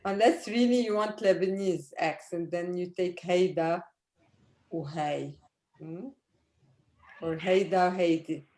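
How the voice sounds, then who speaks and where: A woman teaching a language lesson online, drilling words with her students slowly and patiently. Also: fairly low pitch, dark tone. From Arab world. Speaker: Arabic teacher.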